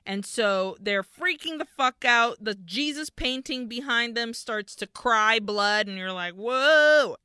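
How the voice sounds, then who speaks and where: A woman's voice: a little high, measured pace, few pauses, pushed and bright, clear, resonant tone, no echo, clean studio sound. A woman co-hosting a podcast, casually retelling a horror movie's plot, swearing freely and acting out the characters' lines. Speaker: podcast co-host.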